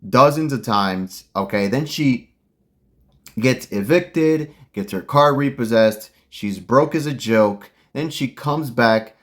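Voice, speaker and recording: Slow-talking ranting male commentator. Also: mid-range voice. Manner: blunt, heated, slangy. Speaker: commentary host.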